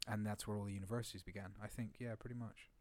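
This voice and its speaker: A man's voice: lowish voice, steady tone, racing, a little mellow. A man co-hosting a casual film podcast, rambling and trailing off mid-sentence. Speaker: podcast co-host. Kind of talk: casual film-review chat.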